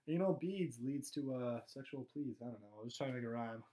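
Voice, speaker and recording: A man's voice: medium pitch, moderate pace, mellow. A young man co-hosting a podcast, chatting loosely and joking, with lots of fillers and restarts. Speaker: podcast co-host. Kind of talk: casual podcast banter.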